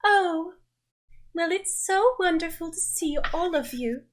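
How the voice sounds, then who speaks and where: Woman doing a theatrical older noblewoman, gracious, grand, high voice. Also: lively intonation, slow pace, a little hiss or hum, heavily acted. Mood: gushing. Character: dramatic, glamorous older noblewoman, a mother.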